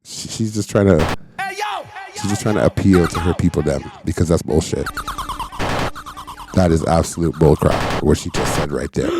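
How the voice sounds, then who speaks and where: A man's voice: deep voice, wildly swooping pitch, moderate pace, long pauses, over music. A man hosting a reaction show, commenting bluntly and casually on a clip he is playing, cursing now and then. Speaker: reaction host.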